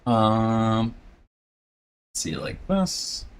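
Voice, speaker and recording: A man's voice: on the low side, very animated, very slow, smooth. A man from South Florida streaming as a VTuber, chatting casually and rambling while he draws, chuckling often and poking fun at himself. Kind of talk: casual chat while drawing.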